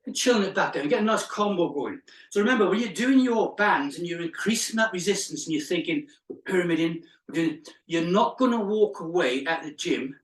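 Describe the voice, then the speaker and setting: A man's voice: sits high, expressive, a little fast. A male fitness instructor leading a live exercise class, counting reps aloud with chatty asides and laughing at his own jokes. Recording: echoey room, mic far off.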